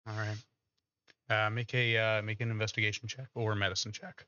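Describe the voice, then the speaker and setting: A man narrating as game master of a tabletop game, pausing often with fillers. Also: on the low side, little pitch movement, sharp tone, clean tone. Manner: hesitant, many filler pauses. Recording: dull lo-fi mic.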